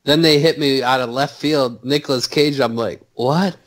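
Man in casual podcast banter, mid pitch. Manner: animated, swears, does quick mocking impressions. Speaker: podcast co-host.

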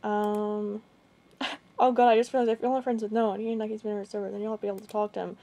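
A young woman vlogging casually about a chat exchange, rambling and halting with many restarts. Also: medium pitch, little pitch movement, dark tone. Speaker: gaming video creator. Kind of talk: casual vlog recounting a chat.

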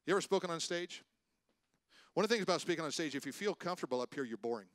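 An older man preaching a sermon as pastor, animated, with loud rises for emphasis and calls out to the congregation. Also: a little high, very fast, no room sound. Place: church stage.

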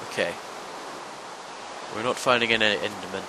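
A young man giving let's-play commentary, talking to the monsters and yelping and shouting whenever they hit him. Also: lowish voice, big pitch swings, measured pace, pauses often, slight background noise, poor audio. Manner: talks to monsters, yelps and shouts when hit. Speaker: gaming channel host.

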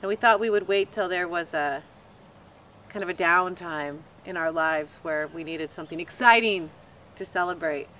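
A woman's voice: lowish voice, normal speed, slight background noise. Woman animatedly recounting a proposal. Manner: animated, lively retelling. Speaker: bride telling proposal story. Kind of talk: casual storytelling.

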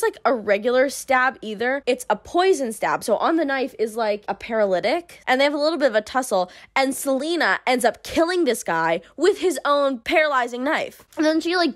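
A young woman in her twenties recapping a novel for a vlog, with wry deadpan asides and a lot of "like". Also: on the high side. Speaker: book review vlogger. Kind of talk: sarcastic book recap.

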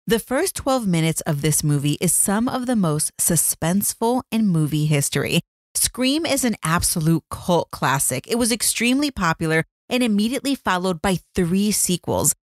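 A woman's voice: lowish voice, animated, moderate pace, no room sound, clean studio sound. A woman hosting a true crime podcast, telling the story as scripted narration with dramatic build-up and chatty asides to the listener.

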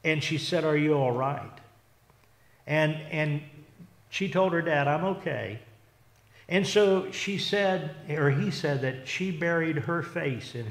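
A man preaching a sermon as pastor, earnest and unhurried, often restarting and repeating words as he goes. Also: fairly high pitch. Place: church sanctuary. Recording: echoey church hall.

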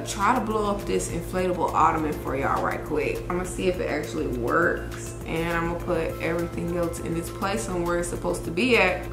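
A woman talking casually to her viewers in a haul vlog, chatty and saying y'all often. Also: lowish voice. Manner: chatty, says y'all a lot. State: out of breath. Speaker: vlogger.

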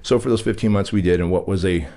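Deep-voiced man telling a personal story. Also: fairly even intonation, quick pace, warm tone. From Armenia. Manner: candid, emphatic, acts out quoted dialogue. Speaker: podcast guest.

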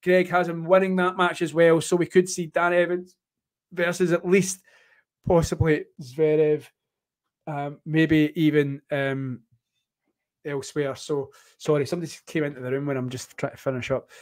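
A man with a strong Scottish accent chats through a live tennis match as host. His voice sits a touch high, and he jokes and rambles, dotting his play-by-play with ums and asides. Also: level tone, moderate pace. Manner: chatty and joking, rambling with fillers. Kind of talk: casual live tennis watchalong commentary.

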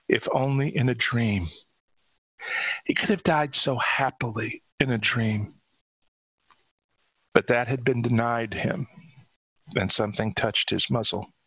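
A man reading his own short story aloud with steady, dramatic narration. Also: medium pitch, no room sound, rough recording. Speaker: author.

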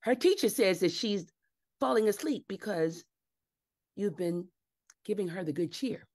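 A woman playing a prim, halting school official. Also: mid-range voice, lively intonation, a little mellow. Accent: put-on Southern US. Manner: hesitant, halting. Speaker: improv performer. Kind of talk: live improv comedy scene.

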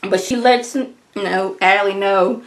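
A woman casually recapping a TV episode in colloquial, animated speech. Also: mid-range voice, measured pace. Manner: animated, colloquial, acts out characters' lines. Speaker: TV show reviewer.

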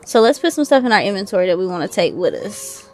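A woman giving casual, excitable let's-play commentary and talking to her viewers. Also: medium pitch, quick pace, over music. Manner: excitable, chatty, addresses viewers as y'all. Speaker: gaming video host.

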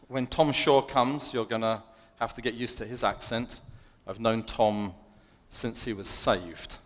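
A man's voice: medium pitch, steady tone, a little slow. A man with a London accent giving a chatty, self-deprecating sermon as a guest preacher. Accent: London English. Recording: long hall reverb.

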